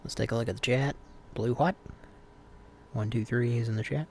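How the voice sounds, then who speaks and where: A man's voice: medium pitch, steady tone, normal speed, creaky, a little hiss or hum. A man hosting a live call-in stream, chatting casually and rambling with fillers and restarts.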